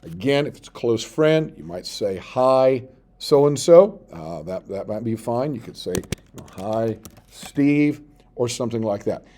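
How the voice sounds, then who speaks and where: A male teacher giving a step-by-step tutorial, reading his sample text aloud slowly as he types it. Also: lowish voice, expressive, a little mellow, slightly rough. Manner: explains step by step, reads out sample text slowly while typing. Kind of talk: screen-recorded tutorial.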